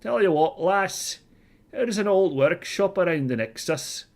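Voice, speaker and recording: A man's voice: sits high, lively intonation, unhurried, voice pushed up. A man voicing a friendly female robot salvager and mechanic, with a put-on Scottish accent in a chirpy, slightly raised voice.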